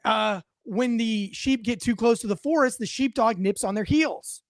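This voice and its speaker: A man's voice: extremely high pitch, moderate pace, dry recording. Brief: male police officer as a podcast host, blunt and profane, leading questions, in a dry, close recording. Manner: explains with analogies, asks leading questions. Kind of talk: casual interview conversation.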